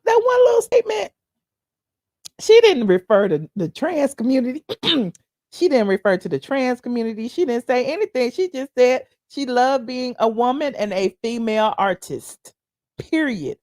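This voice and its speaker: A woman hosting a casual livestream, chatting to viewers in a sassy, animated, digressive way. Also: mid-range voice, no room sound, clean studio sound. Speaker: livestream commentary host. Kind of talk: casual commentary reading viewer chat.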